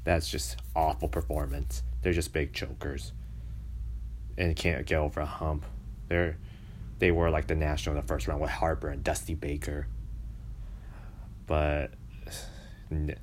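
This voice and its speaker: A man with an extremely deep, low voice rants casually about baseball. He sounds exasperated and mocking, complaining at length. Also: level tone, normal speed, long pauses, slight background noise. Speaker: baseball fan commentator. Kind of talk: casual sports rant.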